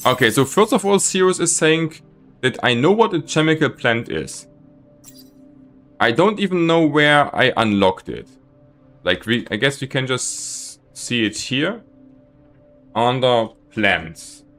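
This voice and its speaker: Animated streamer ranting at his chat. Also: a little slow, faint music behind. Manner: exasperated, ranting at chat with lively swings of pitch. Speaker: live streamer. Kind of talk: casual gameplay commentary.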